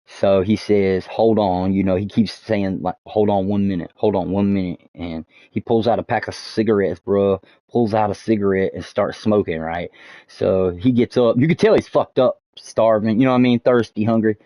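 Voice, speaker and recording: Deep-voiced man rambling a story. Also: fairly even intonation, moderate pace, dark tone, dry recording. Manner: rambling, many fillers and restarts, swears often. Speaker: streamer. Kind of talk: casual storytelling while gaming. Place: home streaming setup. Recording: dull dry lo-fi mic.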